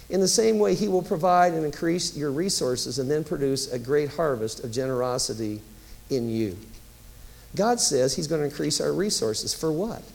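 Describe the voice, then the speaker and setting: A man's voice: a little high, gravelly, darkish tone, rough recording. A man preaching a sermon as pastor, telling stories in a conversational way with emphatic rises.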